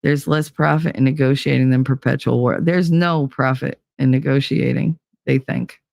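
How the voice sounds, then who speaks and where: A woman's voice: rumbling low, fairly even intonation, moderate pace, gravelly, darkish tone, dry recording, studio quality. A woman in her fifties hosting a live-stream, ranting bluntly and emphatically with frequent profanity while reading out viewer comments.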